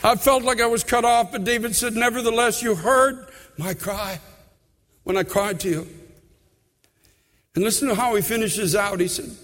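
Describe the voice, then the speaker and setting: Male preacher, high tenor, fervent testimony style, echoing sanctuary sound. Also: normal speed, long pauses. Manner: fervent, repeats phrases, swings between hushed and loud. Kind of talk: sermon with personal testimony.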